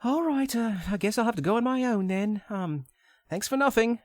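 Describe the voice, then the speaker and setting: A man's voice: extremely high pitch, lively intonation, normal speed, no room sound, studio quality, voice pushed up. Lara, a man doing a mock British heroine. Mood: insistent. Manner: exaggerated mock British accent. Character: British female adventurer, brisk and bossy.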